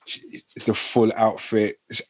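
A man's voice: lowish voice, monotone, slow pace, darkish tone. A young man rambling with many fillers in casual podcast chat.

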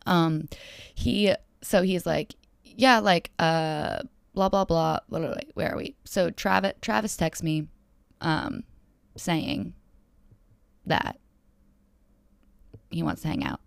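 A woman's voice: sits low, sing-song, slow pace, vocal fry, long pauses, no room sound, clean studio sound. A young woman rambling through a dating story to her followers, chatty and full of fillers, acting out each exchange. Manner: chatty and rambling, filler-heavy, acts out dialogue. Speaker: solo storyteller.

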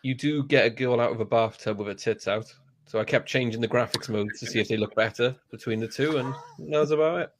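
A man's voice: medium pitch, fast, slight background noise. A man chatting on a gaming podcast, laid-back and self-deprecating, with casual swearing. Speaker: podcast co-host.

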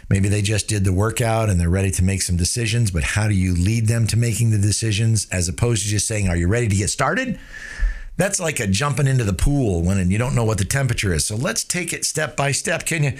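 A man giving a sales training talk, using rhetorical tag questions and demonstrating shifts of tone and tempo. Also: medium pitch.

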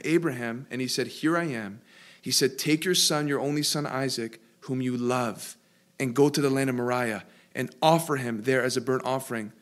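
Emphatic preacher man, slightly high voice. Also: a bit bright. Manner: preaching, slowing and rising for emphasis; asks the listeners questions. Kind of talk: sermon.

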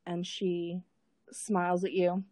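A woman narrating a tabletop role-playing scene as game master, unhurried, thinking aloud with frequent fillers and repeated words. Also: on the low side, monotone, mellow, no room sound.

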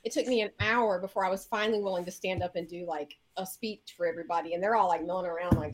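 A woman mayor in an interview, telling a story in a lively way, laughing and acting out what people said. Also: quick pace, hardly any pauses, slight background noise, low-quality recording. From Indiana, US. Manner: lively, laughing, acts out quotes with big pitch jumps. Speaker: mayor, guest.

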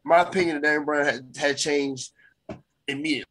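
Wrestling podcast cohost, kinda high voice, rambles and repeats himself. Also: male voice, fairly even intonation, a little fast, a bit bright, poor audio. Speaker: podcast co-host. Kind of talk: casual wrestling podcast chat.

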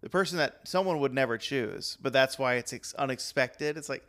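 A man's voice: medium pitch, normal speed, fairly bright tone. A man co-hosting a casual podcast, rambling and laughing often as he chats. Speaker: podcast co-host. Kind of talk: casual chat about wrestling.

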